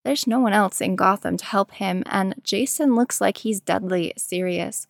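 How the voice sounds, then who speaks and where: A woman reading a story aloud in a slow, measured storytelling manner. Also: medium pitch, gravelly, no room sound, studio quality. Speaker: narrator. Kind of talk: fan fiction reading.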